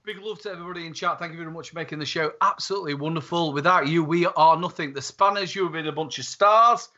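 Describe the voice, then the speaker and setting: A chummy man rambles through friendly banter on a livestream. His voice sits a bit high. The audio is dull and lo-fi. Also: fast talker, bright, forceful tone. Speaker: guest streamer. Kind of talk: casual chat.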